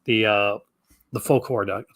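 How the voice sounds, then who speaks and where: A man's voice: lowish voice, steady tone, normal speed, fairly bright tone, no room sound. A man from Canada with a Canadian accent, chatting as a guest on a live stream, enthusiastic and rambling with lots of fillers and restarts. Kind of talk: casual chat.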